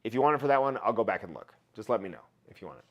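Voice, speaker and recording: A man's voice: fairly low pitch, lively intonation, racing, dull audio. A man hosting a casual livestream, chatting loosely, laughing often and reading out viewer comments. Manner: chatty, laughs often, reads chat aloud. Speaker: livestream host.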